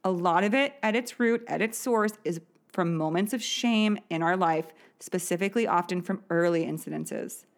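A fairly low-pitched woman's voice at a moderate pace belongs to a podcast host in her thirties. She relates a personal story candidly and conversationally, laughing often and filling pauses with lots of fillers.

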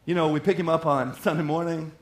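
Animated preacher man in an echoey room. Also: fairly high pitch, quick pace. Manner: animated, acts out little quoted voices. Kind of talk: sermon. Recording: roomy echo.

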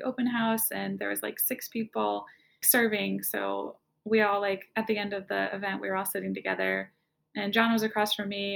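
A woman's voice: mid-range voice, gravelly. A woman telling her personal story as an interview guest, in a casual, conversational way, often saying "like". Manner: casual, conversational, fills speech with "like".

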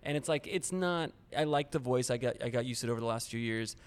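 A man's voice: medium pitch, quick pace, clear, resonant tone. A man who is a comedian guest on a podcast, chatting in a laid-back, profane way and telling stories. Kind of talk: casual chat.

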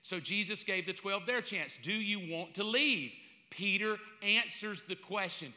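A man preaching a sermon in an animated way, acting out little scenes and laughing as he goes. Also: high voice, a little slow. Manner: animated, acts out voices, laughs. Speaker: pastor. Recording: long hall reverb.

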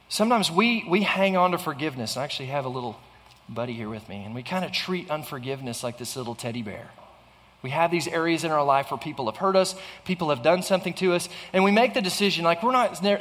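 A man's voice: a little high, fairly bright tone, long reverb tail. A man preaching a sermon in an earnest way, often restarting phrases and asking the listeners rhetorical questions. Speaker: pastor.

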